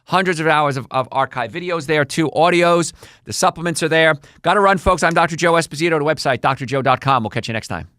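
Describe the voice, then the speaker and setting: Energetic chiropractor hosting a health show. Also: male voice, on the high side, quick pace, no echo, studio quality. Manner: energetic, salesy, acts out patients' voices. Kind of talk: solo health podcast monologue.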